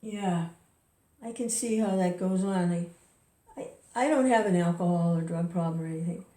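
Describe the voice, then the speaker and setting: A woman who rambles and chuckles through a casual spoken reflection, chanting softly between her thoughts. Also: fairly low pitch, moderate pace. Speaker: devotee sharing reflections. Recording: roomy distant recording.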